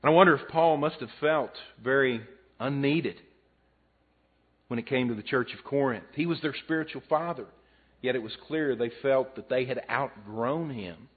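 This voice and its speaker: A man's voice: medium pitch, normal speed, husky. A middle-aged man preaching a sermon in a folksy, conversational way, mixing scripture and jokes. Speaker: pastor. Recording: phone-like narrow sound.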